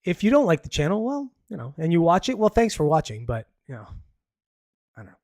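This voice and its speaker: A man's voice: fairly high pitch, big pitch swings, fairly quick, darkish tone, no echo, clean studio sound. A man from Canada hosting a live podcast, rambling through news topics in blunt, casual talk with swearing and nervous laughs. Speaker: podcast host. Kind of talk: casual live-stream commentary.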